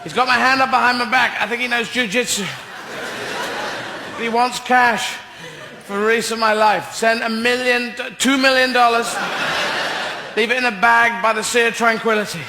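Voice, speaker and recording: A man puts on a panicky astronaut stranded on the moon, crying out in a raised, breathless voice. The sound bounces around an echoey space, with a loud hum of ambience underneath. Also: extremely high pitch, steady tone, moderate pace, pauses often, pitched above the performer's own voice.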